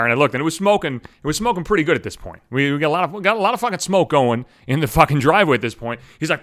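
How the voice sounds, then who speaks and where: A man's voice: a little high, expressive, racing, few pauses, fairly bright tone. A man hosting a podcast, telling a story in a rambling, profane, self-mocking way. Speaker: podcast host. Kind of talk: casual solo storytelling.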